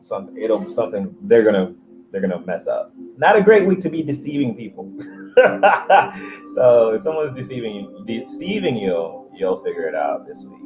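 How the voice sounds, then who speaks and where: A man's voice: lowish voice, very animated, normal speed. A man giving a casual livestream tarot reading, chatty and joking at his own expense. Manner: chatty, jokey, self-deprecating, restarts. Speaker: tarot reader. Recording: muffled audio with music behind.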